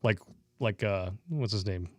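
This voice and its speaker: A man's voice: lowish voice, a little slow, a little mellow, no room sound. A man co-hosting a casual livestream, reading out donations with crude, joking asides.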